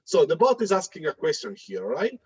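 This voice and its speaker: Guy walking thru a software demo, husky voice, lots of uhs, dry muffled lo-fi mic. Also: fairly high pitch, huge pitch swings, brisk. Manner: hesitant, many fillers and restarts. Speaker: presenter demonstrating software. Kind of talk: live tech demo talk.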